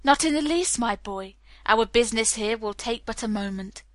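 A woman's voice: fairly high pitch, expressive, moderate pace, no echo, natural voice. A woman reading the part of a haughty, imperious middle-aged naval captain, stiff and formal. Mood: lofty.

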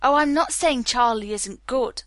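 A woman's voice: a little high, a little slow, dry recording, close to an everyday voice. A woman reading the part of a self-assured young man, wry and lightly teasing.

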